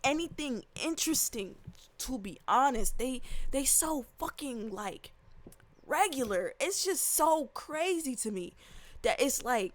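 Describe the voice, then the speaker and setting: Animated ranting woman, bright voice. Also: sits high, measured pace. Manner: animated, profane, emphatic with slang and repetition. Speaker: vlogger reacting to a video. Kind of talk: casual rant.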